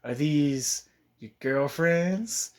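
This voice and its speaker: A man's voice: fairly high pitch, very slow. A man voicing a brash, teasing little boy ninja.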